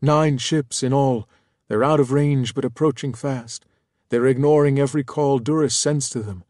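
A man voicing a blunt, jealous giant young female bodyguard who speaks in a booming voice. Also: fairly even intonation, normal speed, a little mellow, no room sound, studio quality, natural voice. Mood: urgent.

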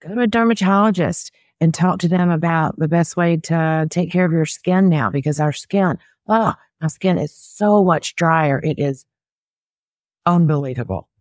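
A woman's voice: lowish voice, normal speed, a little mellow, no room sound, clean studio sound. A woman who works as a personal stylist, giving practical style advice in a conversational interview. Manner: practical, explanatory, chatty.

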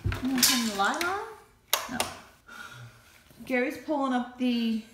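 A woman's voice: high voice, a little slow, very noisy. A middle-aged woman with a Southern accent, chatting casually and rambling as she vlogs her day. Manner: chatty, rambling, self-mocking. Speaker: home vlogger. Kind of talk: casual vlog chat.

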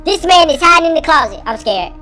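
A man voicing a jittery, jokey chipmunk gamer boy through a pitch-raised effect, giving panicky, slangy game commentary. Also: fast, slight background noise, full character voice. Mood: panicky yelping. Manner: panicky, excitable, slangy banter. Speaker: gaming commentator. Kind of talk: let's-play commentary.

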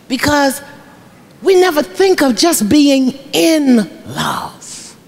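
Her gravelly voice sits high and swings widely in pitch, moving slowly as she addresses a large luncheon hall. The middle-aged life coach and keynote speaker tells stories in a preacherly motivational speech, repeating lines for emphasis and often laughing.

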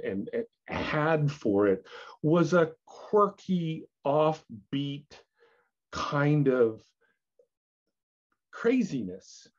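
An older actor telling candid stories as an interview guest, animated and laughing, with many restarts. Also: male voice, a little high. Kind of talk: candid storytelling chat. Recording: dull lo-fi audio.

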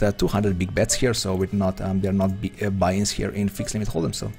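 A man's voice: fairly low pitch, vocal fry, a little mellow, slightly rough. A man from Slovenia with a Slovenian accent, chatting hesitantly and rambling as he commentates his own poker stream. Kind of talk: live-stream commentary while playing.

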